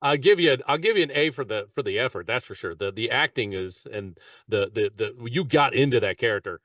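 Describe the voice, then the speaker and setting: A man hosting a podcast in casual interview chat, laughing often and talking with a lively, slightly halting manner. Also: mid-range voice, dry recording, clean studio sound, recorded from a distance. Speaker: podcast host.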